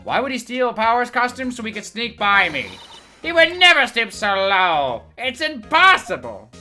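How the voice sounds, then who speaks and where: A shrill, crabby old woman bellows her boasts and scoldings, dragging out the words. A woman puts her on while playing a game. The voice rides high and loud above the player's own low tone. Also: big pitch swings, normal speed, soft background music. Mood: indignant. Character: cranky loud elderly woman, boastful and crude.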